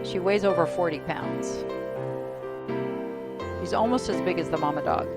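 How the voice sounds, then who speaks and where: Her voice on the low side, a woman in her fifties runs a gentle stretching session in a dining room turned exercise space. Between moves she offers breathing cues and chats with the group, encouraging everyone and laughing easily while clear music plays behind her.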